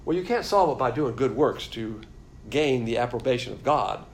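A man's voice: medium pitch, expressive, moderate pace, a little hiss or hum. A man teaching a Bible lesson from diagrams, explaining in a blunt, emphatic way.

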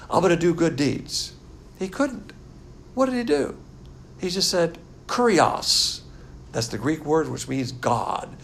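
A man's voice: sits high, gravelly, slight background noise. An older man teaching a Bible class as a pastor, blunt and scornful in manner. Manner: blunt, scornful, animated lecturing.

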